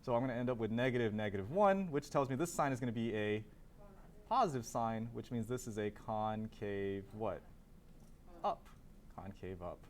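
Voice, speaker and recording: A man's voice: mid-range voice, normal speed, a little hiss or hum. A man teaching a calculus class, asking students questions, then answering them himself and repeating key terms. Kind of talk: classroom lecture.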